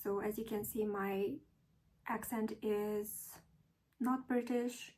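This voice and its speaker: A woman with a Mongolian accent, a vlogger who chats casually and then reads a book aloud slowly and carefully. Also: medium pitch, steady tone, darkish tone, poor audio. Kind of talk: casual chat and reading aloud.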